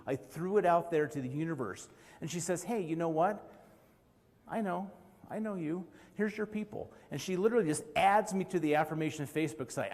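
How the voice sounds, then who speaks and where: A man's voice: fairly high pitch, a little mellow. A middle-aged man from Utah giving an earnest, story-filled speech as president of an organization at a live conference. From Utah, USA. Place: large convention hall. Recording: long hall reverb.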